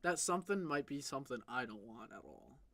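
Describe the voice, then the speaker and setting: A young man co-hosting a casual comedy podcast, jokey and excitable, swearing and riffing. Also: medium pitch, fairly quick, gravelly, no room sound. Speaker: podcast co-host.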